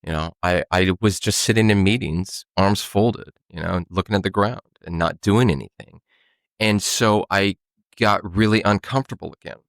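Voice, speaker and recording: A man sharing his recovery story on a podcast, halting and full of restarts and "you know". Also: low voice, no room sound. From California. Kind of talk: casual storytelling.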